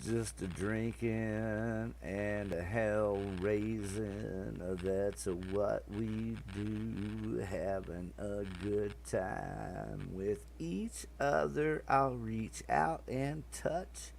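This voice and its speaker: A man hosting a show in casual chat, telling crude joking stories in a slow drawl with swearing. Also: on the low side, fairly even intonation, creaky, a little mellow, a little hiss or hum. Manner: crude, joking, storytelling banter. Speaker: podcast host introducing songs.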